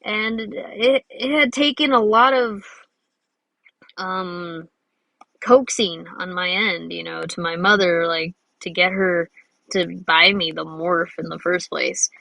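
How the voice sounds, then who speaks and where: A woman's voice: lowish voice, steady tone, slow, creaky, bright, forceful tone, no echo, poor audio. A young woman telling a rambling personal story in a chatty way, with lots of fillers and restarts, while drawing. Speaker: drawing video host.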